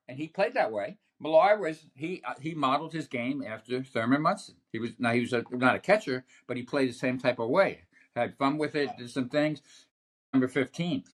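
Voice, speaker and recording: Older man, animated sportswriter storyteller. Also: medium pitch. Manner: animated, rambling storytelling with many restarts. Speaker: sportswriter guest. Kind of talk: anecdotal podcast conversation. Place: podcast setup.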